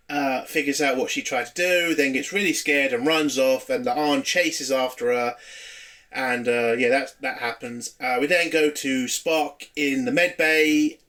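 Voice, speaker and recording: A man's voice: fairly high pitch, a bit bright. A man giving a rambling, sarcastic spoken recap of a TV episode, swearing often. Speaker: TV reviewer. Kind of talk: casual spoken review.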